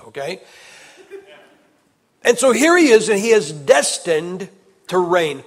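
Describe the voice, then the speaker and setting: High-voiced emphatic preacher in a hall. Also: male voice, sing-song, unhurried. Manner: emphatic, rhetorical questions, swings from loud to hushed. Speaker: evangelist preacher. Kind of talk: sermon. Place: large church hall. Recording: long hall reverb.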